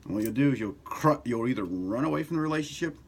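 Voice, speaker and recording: A middle-aged man hosting a casual self-help talk, loose and conversational, who swears now and then and grows louder and more animated as he goes. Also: mid-range voice, fast, noisy background. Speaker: self-help author and video host. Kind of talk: casual motivational talk to camera.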